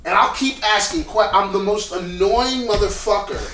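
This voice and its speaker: Male acting teacher, high bright voice, loud and animated, profane, echoey room, distant mic. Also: normal speed, slight background noise. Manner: loud, animated, profane, full of rhetorical questions. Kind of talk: casual coaching talk.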